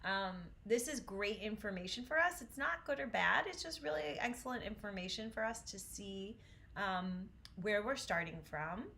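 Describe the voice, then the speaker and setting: Chatty vocal coach with an Upstate New York accent. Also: female voice, medium pitch, expressive, normal speed, vocal fry, pushed and bright. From Syracuse, New York. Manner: chatty, encouraging, checks in with "okay?". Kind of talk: live online singing lesson.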